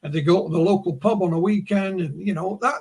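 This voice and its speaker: A man's voice: high-pitched, fast, gravelly, darkish tone, slightly rough. A man with a Yorkshire accent, a guest on a video call, telling stories in a rambling way with many restarts. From Yorkshire, England. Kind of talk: casual conversation, storytelling.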